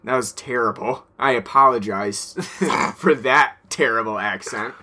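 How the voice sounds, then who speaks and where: A man co-hosting a podcast in relaxed casual chat, laughing often and trailing off with fillers. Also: mid-range voice, measured pace, background noise. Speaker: podcast co-host.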